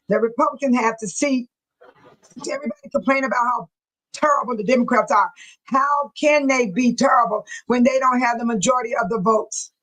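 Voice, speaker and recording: Woman, livestream host, emotional, preachy talk, a touch high. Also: fairly bright tone, rough recording. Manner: emotional, reads viewer comments aloud, preachy. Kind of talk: casual livestream chat.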